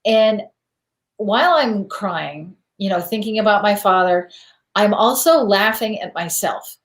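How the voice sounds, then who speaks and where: A woman host speaks in a candid, reflective and self-deprecating way, with a voice of ordinary pitch. Her voice carries a noticeable echo from the room. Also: lively intonation, unhurried. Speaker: podcast host. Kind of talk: casual conversational interview.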